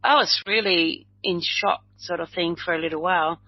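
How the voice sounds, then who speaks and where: An older Uruguayan woman, a medium and healer interviewed as a guest, tells a personal story in a lowish, husky voice at normal speed. She rambles, restarts often, and acts out quoted dialogue. The recording is dull and lo-fi, with no room sound.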